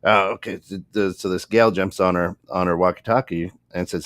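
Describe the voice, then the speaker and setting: A man's voice: deep voice, brisk, no room sound. Laughing man telling a story, dry sound. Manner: animated, laughing, acts out voices in anecdotes. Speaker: podcast co-host. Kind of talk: casual storytelling. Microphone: studio microphone.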